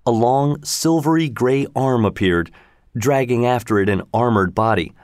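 A man reads a science fiction story aloud in a lively, conversational way, his voice sitting at a middle pitch. The recording is close and dry, with no room echo. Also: moderate pace.

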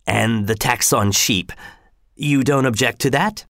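A man playing a slow, smug male governor. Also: medium pitch, a bit bright, no room sound, studio quality. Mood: smug, menacing. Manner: slow, drawn-out, condescending delivery.

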